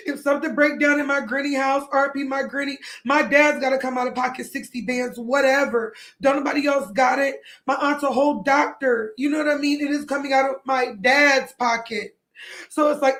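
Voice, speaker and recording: A woman's voice: high-pitched, fairly bright tone. A young adult woman talking to viewers on a livestream, tearful and crying, rambling and pleading with many apologies. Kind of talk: emotional livestream talk to viewers.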